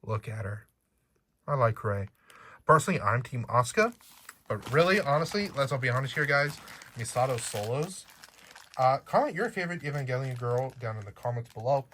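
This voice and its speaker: Speaking at a moderate pace in an animated, medium-pitched, slightly bright voice, a chatty unboxing vlogger with a slight accent jokes and plays to the viewers. A little hiss or hum sits under the casual unboxing talk.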